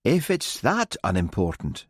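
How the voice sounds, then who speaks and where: A man voicing a calm, blunt village police constable in an audiobook, measured and plain-spoken. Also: fairly low pitch, husky, dry recording, studio quality, heavily acted.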